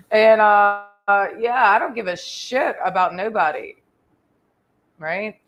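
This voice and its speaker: On a muffled recording, a Texas woman with a medium-pitched voice rants through a crude, confrontational vlog monologue. She swears constantly and rambles, letting sentences trail off with "and."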